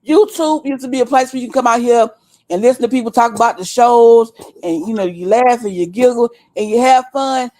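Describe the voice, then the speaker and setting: A woman's voice: a little high, brisk, dark tone. A woman over thirty-five, host of a livestream, scolding her viewers bluntly and with a lot of cursing. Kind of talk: heated livestream rant. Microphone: desktop stream mic.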